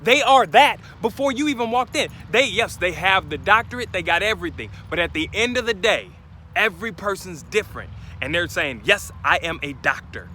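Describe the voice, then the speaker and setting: A man's voice: high-pitched, animated, a little fast, pushed and bright, slight background noise. A man giving an emphatic motivational talk outdoors, speaking straight to his listeners. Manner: emphatic, preachy, addresses listeners directly.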